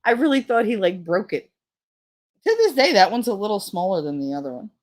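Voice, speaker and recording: A woman's voice: medium pitch, big pitch swings, fairly quick, darkish tone. A middle-aged woman streaming a casual chat, rambling through crude stories with lots of swearing.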